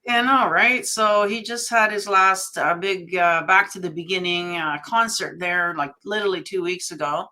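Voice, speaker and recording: Woman guest on a video-call panel, bright crisp voice, chatty with lots of uhs. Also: on the low side, normal speed, few pauses, slight background noise. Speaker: podcast host guest. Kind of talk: casual panel chat.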